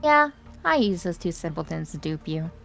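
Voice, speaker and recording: A woman's voice: on the low side, sing-song, normal speed, gravelly, a bit bright, soft background music, heavily acted. A woman voicing a jealous, desperate female spirit, reading its taunting lines from a game aloud. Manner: taunting, mocking dramatic read-aloud.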